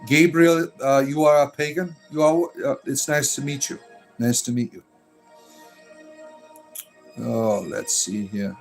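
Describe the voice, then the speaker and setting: A man's voice: medium pitch, steady tone, slow, long pauses. A man with a mid-range voice hosts a livestream, reading chat comments aloud and answering them. He sounds exasperated and sarcastic, and his talk is full of ums and uhs. Faint music plays behind him. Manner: exasperated, sarcastic, with many fillers. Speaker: pagan clergy livestream host.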